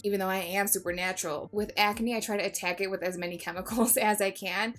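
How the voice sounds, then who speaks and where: A woman giving a casual makeup tutorial, chatty and jokey, swearing freely and mocking herself. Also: medium pitch. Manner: self-mocking asides. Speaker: beauty vlogger.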